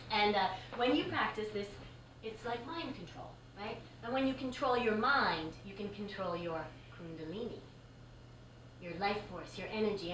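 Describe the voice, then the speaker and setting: A woman yoga teacher performing a live storytelling monologue, animated and conversational, full of casual fillers. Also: medium pitch. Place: stage before a laughing audience. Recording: echoey, distant live stage recording with noise.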